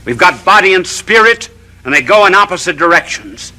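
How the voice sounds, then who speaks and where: A man's voice: sits high, expressive, brisk, bright, forceful tone, rough recording. A man, a bishop, giving a televised sermon in a studio, orating through long runs of rhetorical questions.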